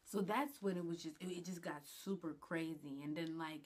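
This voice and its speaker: Woman vlogging a storytime, low-ish voice, casual and blunt, cusses a lot. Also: normal speed, husky. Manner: blunt, slangy, swears a lot, animated retelling. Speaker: vlogger telling a personal story.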